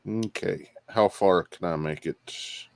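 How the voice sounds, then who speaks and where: A man's voice: low-pitched, slow pace, creaky. A man playing a tabletop game, matter-of-fact and checking the rules. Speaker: player. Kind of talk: casual tabletop play.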